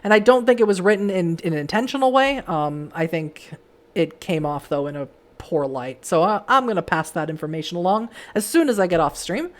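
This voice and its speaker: A woman streamer talking casually to her stream audience in a chatty, enthusiastic way, her voice hoarse and giving out. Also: lowish voice, lively intonation, brisk. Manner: chatty, enthusiastic, many fillers. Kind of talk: casual livestream chat.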